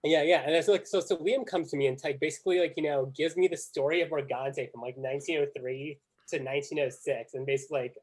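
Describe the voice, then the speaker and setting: A man who is a guest on a podcast, recounting a strategy game in a relaxed way and leaning on "like, you know" throughout. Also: a little high, quick pace, hardly any pauses. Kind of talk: casual chat recapping an online strategy game.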